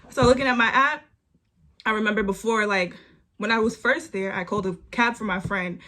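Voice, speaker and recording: A young woman, telling a storytime vlog story with animated repeats and lots of "like". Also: mid-range voice, a little fast. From New York. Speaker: vlogger.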